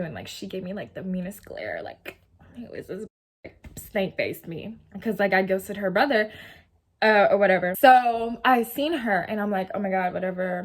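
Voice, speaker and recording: A young woman in her twenties telling a story in a rambling, slangy, casual way, full of "like" and swearing. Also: mid-range voice. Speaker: vlogger. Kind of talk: casual story-time chat.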